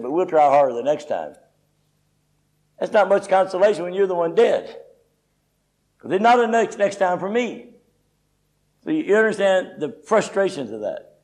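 A man's voice: sits high, rough recording. Folksy, emphatic male preacher. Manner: emphatic, folksy, frequent "you know". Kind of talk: conversational sermon.

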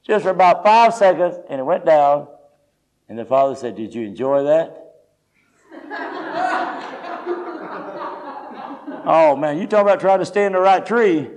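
Male preacher, high-pitched, folksy animated testimony. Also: brisk. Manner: folksy, animated storytelling with quoted speech. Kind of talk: sermon testimony storytelling.

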